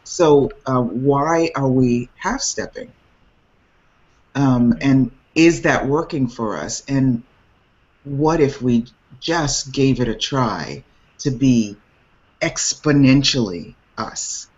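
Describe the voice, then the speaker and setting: A woman hosting a casual group video chat, animated and laughing often, with many restarts. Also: very deep voice, slow, lo-fi sound. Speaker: host. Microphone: video call.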